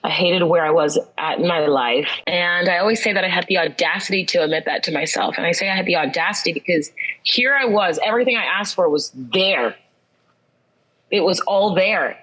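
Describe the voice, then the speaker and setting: A woman in her thirties tells her own story with an earnest, reflective pull, circling back to key phrases to drive them home. Her voice sits a little low for a woman. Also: brisk, a bit bright, low-quality recording. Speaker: guest. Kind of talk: personal storytelling in an interview.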